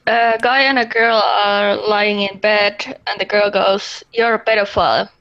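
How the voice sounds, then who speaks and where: A woman telling short jokes in a flat, matter-of-fact way during casual chat. Her voice comes through a dull, lo-fi mic. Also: medium pitch, slow pace.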